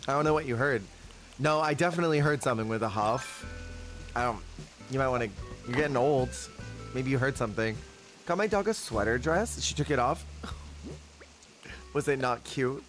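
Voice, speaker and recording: A man's voice: medium pitch, moderate pace, pauses often, a bit bright. A man streaming a cozy game, chatting casually, answering his chat and laughing often. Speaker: Twitch streamer. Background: game music.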